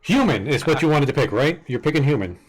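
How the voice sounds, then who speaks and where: A man running a tabletop game as its master, patiently explaining character rules with halting restarts over a home voice-chat mic. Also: a little high, animated. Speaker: dungeon master. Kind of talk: casual game-setup chat on a live stream.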